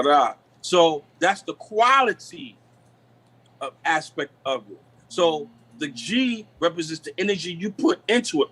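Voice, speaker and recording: A man on a live video call, explaining the deeper meanings of words in a preachy, repetitive way. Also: a bit bright, slightly rough, low-quality recording. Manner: preachy, repeats "you know what I'm saying". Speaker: guest. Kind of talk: live stream talk on word meanings.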